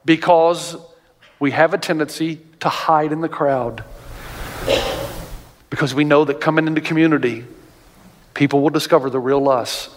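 A male pastor preaching a sermon, animated and storytelling, often jumping up in pitch to act out other people's voices, in a large church auditorium. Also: moderate pace, long pauses, a little hiss or hum. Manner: animated storytelling, jumps high for quoted voices. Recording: long reverb of a large hall.

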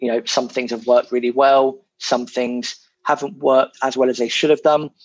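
A man's voice: mid-range voice, flat delivery, normal speed, muffled recording. A man from England chatting casually as a property investor guest, frank and self-deprecating, with plenty of fillers. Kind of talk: casual podcast chat.

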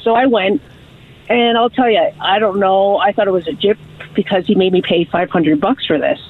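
A woman calling in to a radio show and telling a story in a chatty, lively way, acting out what people said. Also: mid-range voice, normal speed. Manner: lively, chatty storyteller who acts out quotes. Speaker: caller. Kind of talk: call-in storytelling. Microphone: telephone. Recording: phone line.

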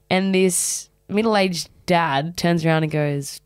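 A young Australian woman co-hosting a podcast, chatting casually and telling an animated story, acting out the voices she quotes. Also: lowish voice, moderate pace, few pauses, smooth, dry recording, studio quality. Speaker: podcast co-host. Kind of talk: casual chat. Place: podcast studio.

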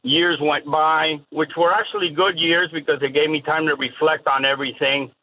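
A man interviewed as a guest, answering in a measured, reflective way. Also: on the high side, fairly even intonation. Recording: tinny phone line.

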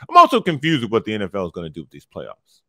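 Relaxed sports co-host, dry close sound. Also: male voice, lowish voice, very fast, no echo. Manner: relaxed, says "man" often. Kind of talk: casual sports radio chat.

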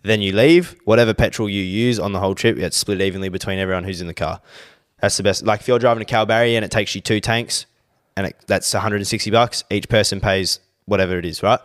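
Young co-host, lowish voice, blunt and laid-back, swears freely. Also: male voice, steady tone, quick pace, hardly any pauses. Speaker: podcast co-host. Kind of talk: casual chat.

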